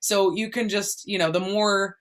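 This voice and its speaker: A woman's voice: medium pitch, fairly even intonation, normal speed. A woman from the United States, a voice actor answering interview questions in a chatty, explanatory way with many fillers and restarts. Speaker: guest voice actor.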